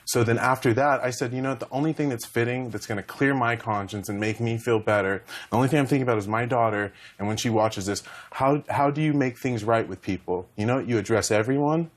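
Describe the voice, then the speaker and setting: A man's voice: medium pitch, brisk, hardly any pauses. A young man and reality show contestant, rambling emotionally as he retells conversations in a heated talk.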